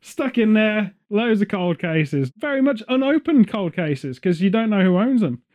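A man in casual chat as a podcast co-host, ranting sarcastically and telling animated stories. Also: high-pitched, moderate pace.

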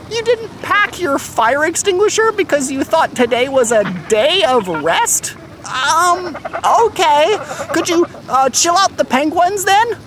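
A woman's voice: very high voice, noisy background, heavily acted. A woman playing a goofy, eager first mate who co-hosts a scripted kids' comedy podcast. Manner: chipper, zany and fast-talking.

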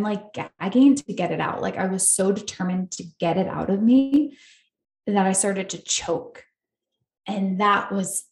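A woman's voice: medium pitch, darkish tone, roomy sound. A woman hosting a podcast, telling her own story in an earnest, emotional way with many fillers. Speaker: podcast host.

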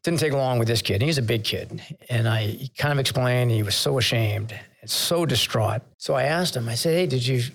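A man's voice: medium pitch, moderate pace, vocal fry, few pauses. An older man, a retired naval officer, telling candid leadership stories in an interview, laughing at himself and getting choked up. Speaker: retired vice admiral, podcast guest. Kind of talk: conversational storytelling interview.

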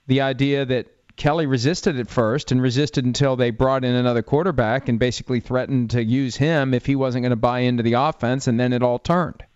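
Smooth-voiced male interview host. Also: medium pitch, a little mellow, no room sound. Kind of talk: interview questions. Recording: slightly dull, dry audio.

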